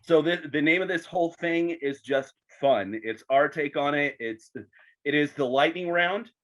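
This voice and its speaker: A man's voice: a little high, normal speed, fairly bright tone, slight background noise. A man hosting a podcast, asking questions in a chatty, joking way with some false starts. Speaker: podcast host. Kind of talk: casual interview chat.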